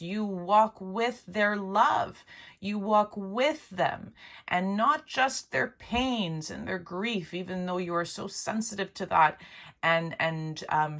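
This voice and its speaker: A woman giving a spiritual pick-a-card reading, speaking gently and haltingly with many restarts and a heartfelt, emotional tone. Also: lowish voice. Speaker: intuitive card reader.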